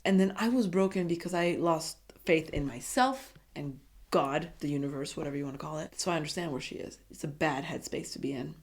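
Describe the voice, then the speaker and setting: Gushing woman recapping a dating show. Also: fairly low pitch. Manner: gushing, dramatic, talks straight to viewers. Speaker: reality TV recap vlogger. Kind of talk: casual recap commentary.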